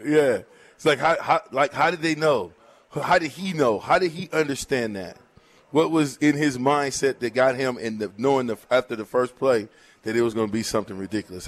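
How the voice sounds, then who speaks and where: A man's voice: medium pitch, moderate pace. A man hosting a sports talk show, asking a guest questions in a loose, slangy way. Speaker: sports radio host. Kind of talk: interviewing, casual.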